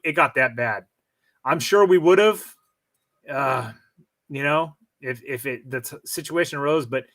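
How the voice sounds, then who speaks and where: A man in his forties telling a personal story on a live stream, speaking frankly and pausing to restart his thoughts. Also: medium pitch, pushed and bright. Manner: measured, frank, with frequent restarts and fillers. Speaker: stream guest. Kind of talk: casual storytelling.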